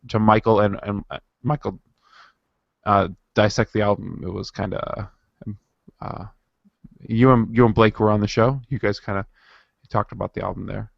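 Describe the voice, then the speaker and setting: A man's voice: fairly low pitch, vocal fry, no echo, highs cut off. A man co-hosting a podcast in casual chat. He rambles and restarts his sentences often. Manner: rambling, full of fillers and restarts. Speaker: podcast co-host.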